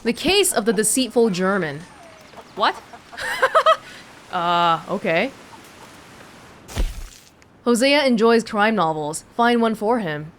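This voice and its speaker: A woman's voice: mid-range voice, lively intonation, slow pace, long pauses, a little hiss or hum. A woman hosting a let's play, joking, giggling and reading game text aloud. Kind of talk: casual gameplay commentary, reading aloud.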